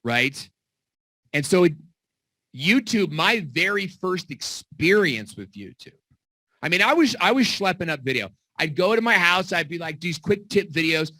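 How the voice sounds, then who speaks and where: A middle-aged man coaches on video marketing from his home basement studio, speaking casually and with animation as he tells stories and acts out quotes. His voice is a little high, and the recording sounds dry, like relaxed teaching talk.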